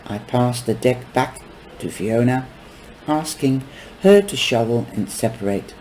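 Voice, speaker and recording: A man reading a novel aloud, unhurried, with small stumbles and casual asides. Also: mid-range voice, lively intonation, darkish tone, a little hiss or hum, rough recording. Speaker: book reader.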